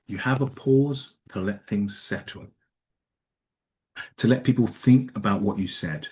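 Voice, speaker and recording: A man's voice: fairly low pitch, a little mellow. A man from Nigeria giving a talk at a conference, speaking conversationally, often restarting words and putting questions to the audience. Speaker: conference speaker teaching communication. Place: conference room.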